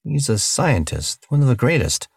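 A man's voice: mid-range voice, big pitch swings, normal speed, breathy edge, no echo, studio quality, voice pushed up. A man voicing a bewildered young human captive who answers with sarcasm and curses. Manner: sarcastic, cursing.

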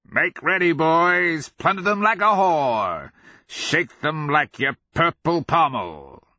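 Shrill, crooning madman sergeant; audiobook, dry and slightly dull. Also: animated, takes it slowly, sharp tone, dry recording, full character voice. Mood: manic. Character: cackling mad male sergeant, unhinged and gleeful. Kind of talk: audiobook character voice. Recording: slightly muffled dry recording.

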